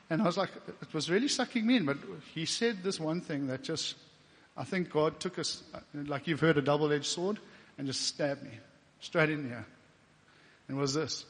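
A South African man gives a heartfelt testimony sermon, his fairly high voice ringing through a church hall with a long tail of reverb. He talks in a loose, conversational way, voicing his own thoughts in quotes, and his feelings stay close to the surface. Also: fairly quick. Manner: emotional, getting teary at times; conversational with fillers and quoted inner speech. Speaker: preacher.

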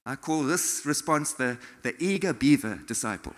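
Animated man preaching in a reverberant church. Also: a little high, normal speed. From South Africa. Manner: animated preaching, acts out quotes, laughs often. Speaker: pastor. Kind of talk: sermon. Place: church hall. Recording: long hall reverb.

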